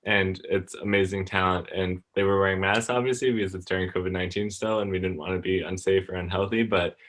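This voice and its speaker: A young man with a very deep voice hosts a relaxed podcast over a call. He talks in an upbeat, rambling way, leaning on fillers while steering his guests from one segment to the next. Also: fast. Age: young adult. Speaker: podcast host. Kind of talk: casual podcast chat.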